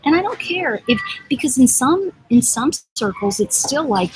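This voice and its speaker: A woman hosts a loose, digressive livestream from an airport lounge, reading and answering viewer comments in a casual, teasing way. Her voice sits at an ordinary middle pitch. Faint noise hums behind her. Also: big pitch swings, normal speed, low-quality recording. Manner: rambling, chatty, digressive, teasing. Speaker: livestream host and oracle deck author.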